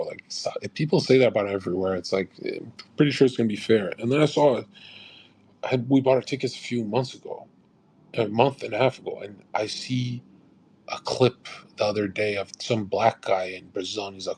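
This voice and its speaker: A man's voice: fairly low pitch, brisk, a little mellow, slightly rough. A young man ranting casually on a livestream, brash and profane, rambling with frequent restarts. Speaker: livestream host.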